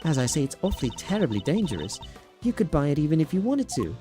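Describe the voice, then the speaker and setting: A man's voice: on the high side, big pitch swings, fast, over music, voice pushed up. A man voicing a prim, fussy elderly British woman in a game, slipping between a British and a Southern accent. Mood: chatty. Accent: put-on British, slipping toward American Southern. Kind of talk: voicing game dialogue on a stream.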